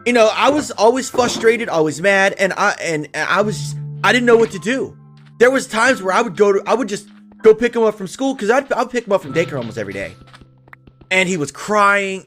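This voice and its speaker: A high-pitched man with a fairly bright tone streams a game while chatting casually with viewers about being a father. He comes across as earnest and open, often restarting and repeating himself.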